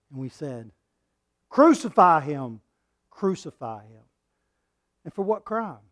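Preacher man swinging loud to hushed. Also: a little high. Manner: dramatic swings between loud and hushed delivery; reads scripture aloud and acts out quoted lines. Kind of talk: sermon.

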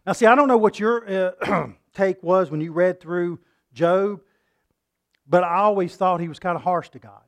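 A man delivers a sermon in a somewhat high voice. He speaks earnestly, stumbling over and repeating words, and swells into impassioned outbursts as he quotes scripture. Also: normal speed. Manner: earnest, rising to impassioned outbursts when quoting. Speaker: preacher.

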